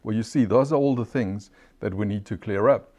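Earnest, lower-voiced man teaching a sermon. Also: moderate pace, a little mellow. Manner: earnest, conversational, asks rhetorical questions, laughs lightly. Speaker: Bible teacher.

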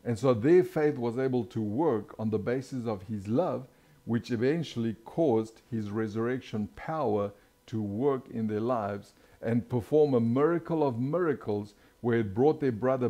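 A man preaching a sermon, walking through scripture verse by verse, slowing down and swelling his voice on quoted lines and checking in with "right?". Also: mid-range voice, dark tone. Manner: expounds scripture verse by verse, frequent "right?" and "watch this".

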